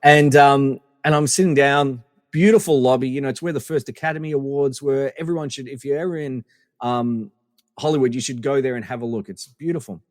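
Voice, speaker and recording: A middle-aged man from Australia, a podcast guest telling animated anecdotes with lots of fillers and restarts. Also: mid-range voice, brisk, no echo, studio quality, long reverb tail. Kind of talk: casual storytelling interview.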